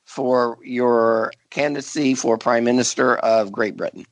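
A man's voice: medium pitch, steady tone, unhurried, dry recording. A man steers the chat with mock seriousness, playing the straight interviewer to his co-hosts. His voice sits close and dry on the mic. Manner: mock-earnest interviewer, egging others on. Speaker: podcast host. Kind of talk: comedic podcast banter.

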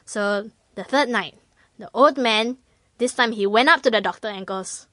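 A woman's voice: fairly high pitch, normal speed, dry recording. A woman, chatting casually and acting out voices as she tells a story. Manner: animated storyteller, acts out voices, laughs often. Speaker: guest sharing stories. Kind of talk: casual chat.

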